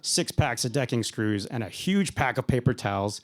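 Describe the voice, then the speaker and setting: A man voicing a bossy, gruff man who barks orders like a drill sergeant, loud and clipped. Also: medium pitch, lively intonation, normal speed, close to an everyday voice. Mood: barking orders.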